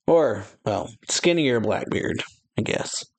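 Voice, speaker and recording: A man's voice: mid-range voice, lively intonation, slow pace. A man hosting a casual reaction video, reading comic pages aloud and chatting loosely, laughing often. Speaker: anime reaction youtuber. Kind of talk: casual comic read-through.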